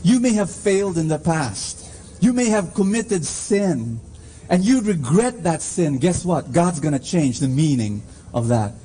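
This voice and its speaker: A man preaching a sermon in a church, slow and emphatic, calling to the congregation for responses. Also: a little high, sing-song, dark tone.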